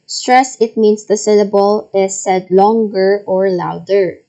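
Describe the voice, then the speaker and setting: A woman's voice: medium pitch, steady tone, dark tone, rough recording. A woman teaching a recorded reading lesson, patiently reading out word lists and checking answers. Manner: slow, patient, repeats and models each word.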